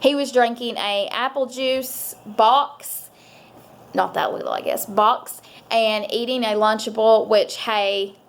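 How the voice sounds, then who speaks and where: A woman's voice: on the high side, fairly even intonation, slow pace, gravelly. A woman chatting casually to her viewers, rambling with lots of fillers. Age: adult parent. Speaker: vlogger. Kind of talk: casual chat to camera.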